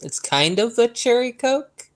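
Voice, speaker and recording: A man's voice: very high voice, very animated, unhurried, a loud crowd. Call-in guest, male, North Carolina native, rambling casual storyteller with many ums. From North Carolina, USA. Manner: rambling, chuckles often, many fillers. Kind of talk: casual chat. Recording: call-in audio.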